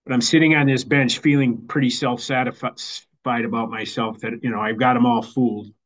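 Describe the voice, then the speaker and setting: A man giving a personal recovery share as the keynote speaker, halting and repeating words as he goes. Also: medium pitch, steady tone. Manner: halting, repeats words while finding them. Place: online meeting.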